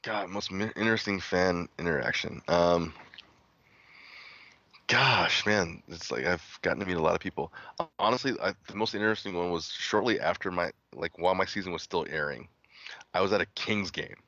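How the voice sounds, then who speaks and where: A low, gravelly man's voice with a bright, forceful edge tells a laid-back story and livens it up with quoted voices. The audio is dull and lo-fi, as over a remote call, in a dry room. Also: moderate pace, no echo. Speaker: guest, former contestant. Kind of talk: casual chat.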